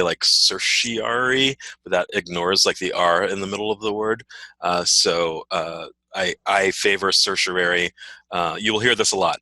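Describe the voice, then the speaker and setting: Low-voiced, bright male law professor. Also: no echo, low-quality recording. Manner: frequent "right?" checks and fillers. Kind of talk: teaching a class discussion.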